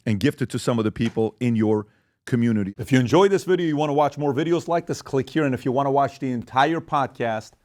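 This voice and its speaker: A man hosting a podcast in casual chat, upbeat and promotional when he pitches merchandise. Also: quick pace, a little mellow, no room sound. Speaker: podcast host.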